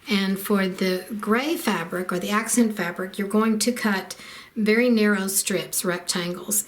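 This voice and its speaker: A middle-aged woman giving a casual quilting tutorial, explaining each step plainly with frequent ums. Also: medium pitch. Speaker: quilting instructor.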